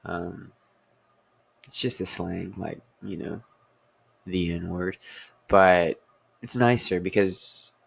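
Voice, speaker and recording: A man's voice: low voice, slow, vocal fry, long pauses, slightly rough. A young man as host, talking in a meandering casual monologue full of fillers and self-corrections. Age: young adult. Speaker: comedian host.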